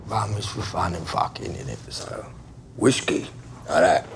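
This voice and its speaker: A gravelly gangster, lowish voice, mocking then menacing, noisy background. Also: male voice, a little slow, exaggerated voice. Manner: mocking, swings between jovial and menacing. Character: volatile, menacing male London gangster baker. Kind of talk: TV crime drama acting. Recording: steady background noise.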